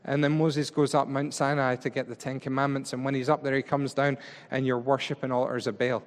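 A man's voice: medium pitch, level tone, fairly quick. A man preaching a conversational sermon, chatty and informal, acting out paraphrased speech as he explains a text. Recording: long reverb of a large hall.

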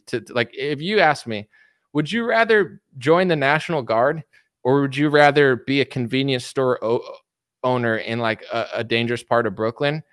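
On a livestream, a man rants casually about politics, reading out and answering chat comments in a rambling, filler-heavy style with frequent restarts. His mid-range voice is clear, resonant and fairly bright, captured with clean studio sound and no room sound.

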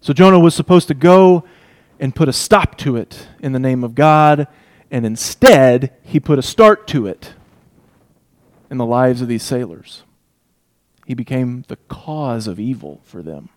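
A man preaching an expository sermon, emphatic, swinging between loud declarations and hushed asides. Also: mid-range voice, expressive, unhurried.

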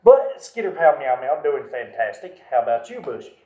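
A man's voice: medium pitch, big pitch swings, fairly quick, dark tone. Southern man on an echoey phone line. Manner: teasing, joking, repeats words when starting. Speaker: co-host. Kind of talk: casual podcast chat.

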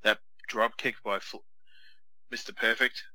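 A man's voice: fairly low pitch, fairly even intonation, a little slow, sharp tone, dry recording, low-quality recording. A man, co-hosting a casual wrestling watch-along podcast and slipping into jokey impressions. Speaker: podcast co-host.

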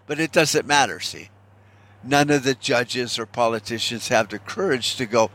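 A middle-aged man vents in a loose, casual monologue, blunt and swearing as he goes. His voice sits at an ordinary middle pitch. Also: animated, measured pace, a bit bright. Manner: blunt, profane ranting. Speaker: vlogger.

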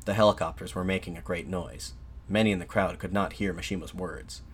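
A man giving measured, scripted documentary narration. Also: low voice, fairly even intonation, breathy edge.

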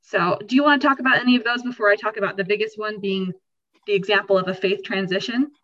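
A woman podcast host talks through her points at a medium pitch, slipping into little acted-out voices to show how people feel. Her voice comes through a dull, lo-fi recording. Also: fast talker. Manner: animated, acts out quoted feelings. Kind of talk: explaining a topic conversationally.

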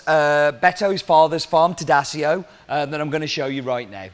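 A man's voice: a little high, fairly even intonation, moderate pace, hardly any pauses, noisy background. A man who works as a coffee roaster, explaining his work in a casual way and asking the viewer questions.

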